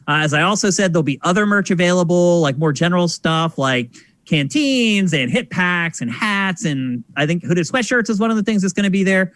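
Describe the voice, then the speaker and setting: A man with a high voice hosts a casual podcast, speaking a little fast in a clean, echo-free studio recording. He's an animated storyteller who acts out voices for the people in his stories.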